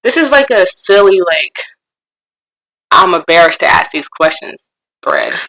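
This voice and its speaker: Bright-voiced chatty woman podcaster. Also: on the low side, measured pace, vocal fry, poor audio. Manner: chatty, animated, laughs easily. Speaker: podcast co-host. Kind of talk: casual chat reading forum posts aloud.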